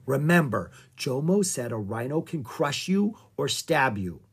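A reader voicing a cautious, worried young boy giving tense, hushed warnings in a storybook reading. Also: mid-range voice, sing-song, measured pace, slightly rough, exaggerated voice. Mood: tense whisper.

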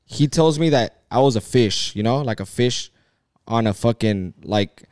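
A man's voice: medium pitch, measured pace, darkish tone. A young man chatting casually on a podcast, swearing and rambling with lots of filler words and restarts. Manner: rambling, profane, many filler likes and restarts. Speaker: podcast co-host. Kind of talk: casual chat.

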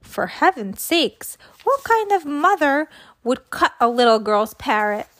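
A woman reading a storybook aloud, voicing a disapproving old grandpa who speaks slowly and indignantly. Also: high voice, very animated, no room sound, voice pushed up.

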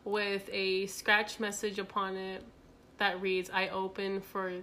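A woman's voice: mid-range voice, monotone, slow pace, sharp tone, a little hiss or hum. A young woman co-hosting a casual podcast, reading quiz questions aloud with playful, giggly asides. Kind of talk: casual chat.

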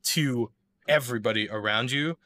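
A man's voice: medium pitch, normal speed, bright, forceful tone, dry recording. A man telling a story in casual chat, rambling with lots of fillers and restarts.

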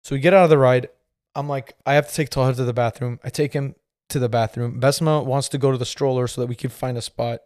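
A man in his thirties hosts a podcast, spinning a rambling, filler-heavy story and laughing along the way. His mid-range voice has a darkish tone, fairly even intonation and a quick pace. The recording is dry and studio quality.

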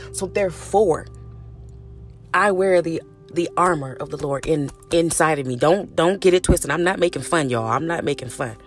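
Chatty, cussing middle-aged woman podcaster. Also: on the low side. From California. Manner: chatty, frank and cussing, calls listeners honey and baby. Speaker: podcast host. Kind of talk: casual solo podcast monologue.

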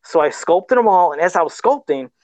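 A man's voice: high-pitched, animated, brisk, darkish tone, no echo, rough recording. A man talking casually on a livestream about his first sculpted custom figure, self-deprecating and laughing often. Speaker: guest toy sculptor.

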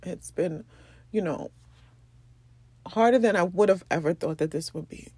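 A young woman talks through tears on her podcast, halting often and filling pauses with soft ums. Her voice is husky and sits low, and the recording is dry and close. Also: dry recording. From the Bronx, New York. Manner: emotional, halting, many ums. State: tearful, crying. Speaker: podcast host. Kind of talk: personal podcast monologue.

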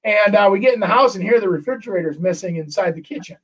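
High-voiced animated man, off-mic. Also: quick pace, slightly rough, recorded from a distance, low-quality recording. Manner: animated, acts out quotes, many restarts. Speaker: real estate agent, co-host. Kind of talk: casual storytelling chat.

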